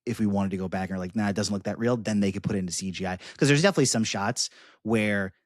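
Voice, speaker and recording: Low-voiced man rambling through a film review. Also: fast talker, no room sound, clean studio sound. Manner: rambling, many fillers and restarts. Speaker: podcast co-host. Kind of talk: casual film review chat.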